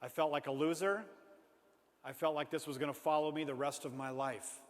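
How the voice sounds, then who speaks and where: Man, high voice, animated self-mocking storyteller to a live crowd; long hall reverb. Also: a little fast. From Minnesota. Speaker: speaker. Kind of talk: storytelling talk to an audience. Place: large hall before an audience.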